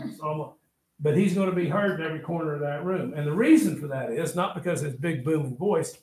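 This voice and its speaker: Animated male history teacher in an echoey classroom. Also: high-pitched. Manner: animated storytelling, asides telling students to take notes. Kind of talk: classroom lecture.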